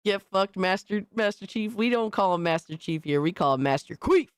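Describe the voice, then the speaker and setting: Excitable, foul-mouthed woman streamer with a lively voice. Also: mid-range voice, normal speed, clear, resonant tone, no echo, studio quality. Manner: excitable, profane, slangy. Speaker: livestream host. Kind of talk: casual livestream reaction.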